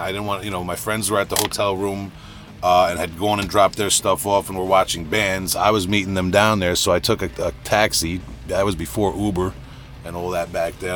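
A middle-aged man with a deep, booming voice, telling a rambling, self-deprecating story in a casual podcast monologue. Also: fairly bright tone, slight background noise. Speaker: podcast host.

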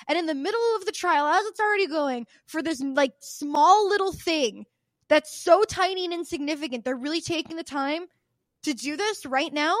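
Female podcast co-host, high voice, exasperated ranter who swears and acts out quotes; dry, close recording. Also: normal speed, no echo. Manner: ranting, exasperated, swears freely; acts out quoted people with shifts of voice. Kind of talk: casual podcast chat.

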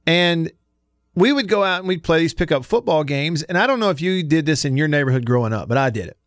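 A man's voice: a little high, lively intonation, fast, no room sound, studio quality. A man in his forties from Alabama with a Southern accent, hosting a sports radio show and telling stories in a chatty way, laughing often. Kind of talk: casual sports radio talk.

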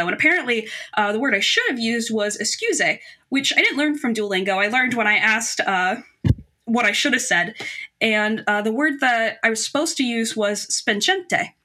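A young woman with a high, bright voice tells a personal story on a podcast. She is animated and self-deprecating, and she breaks into laughter often. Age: young adult. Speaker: guest storyteller. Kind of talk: personal anecdote.

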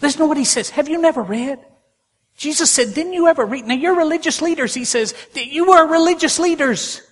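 A man delivers a folksy sermon in a fairly high voice. He builds to loud, ringing peaks and then drops to near-whispers. The sound carries a long reverb, as from a church sanctuary. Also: brisk. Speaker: pastor.

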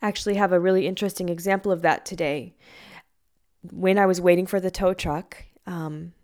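A woman giving a reflective spiritual talk as a meditation teacher, gentle and earnest in manner. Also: lowish voice. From Hawaii. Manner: gentle and earnest, with lively acted quotes.

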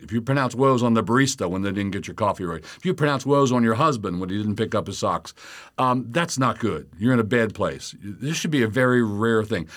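Animated man teaching from scripture. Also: lowish voice. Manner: animated, rises sharply when quoting taunts; reads scripture aloud, explaining verse by verse. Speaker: pastor. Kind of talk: Bible teaching, answering listener questions.

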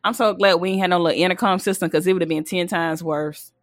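A woman co-hosting a podcast in casual chat, expressive, mimicking her mother in a raised voice. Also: lowish voice, fast talker, no room sound, studio quality. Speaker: podcast co-host.

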